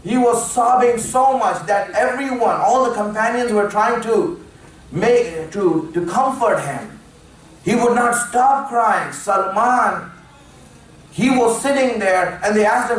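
A man's voice: high voice, slow. A man preaching a sermon in an earnest way, repeating lines for emphasis and calling his listeners his friends. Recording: very echoey hall, mic at a distance.

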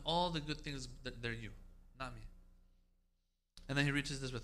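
A man's voice: medium pitch, moderate pace, pauses often, fairly bright tone. A man giving a religious lecture, speaking emphatically, asking rhetorical questions and quoting Arabic prayers.

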